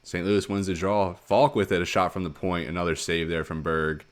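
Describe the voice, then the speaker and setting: A man giving play-by-play commentary on a hockey video game, calling each play quickly and rising sharply on goals. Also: low-pitched. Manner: rapid play-by-play, excited surges on goals. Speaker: gaming commentator.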